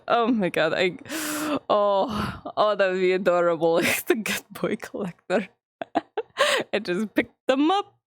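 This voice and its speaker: A woman's voice: medium pitch, dry recording. A young woman streamer in casual live-stream chat, rambling, giggling often and swearing freely.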